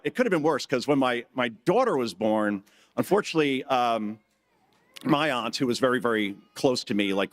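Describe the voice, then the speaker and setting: A middle-aged conference speaker, his mid-range voice a bit bright, stands on the hall stage telling jokey tales. He brings quotes to life by switching between voices.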